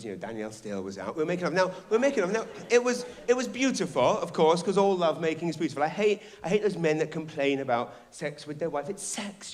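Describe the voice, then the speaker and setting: A middle-aged man performing a rambling, animated stand-up comedy set on a theatre stage. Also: a little high. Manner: animated, shouting bits, rambling restarts. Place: theatre stage before a live audience.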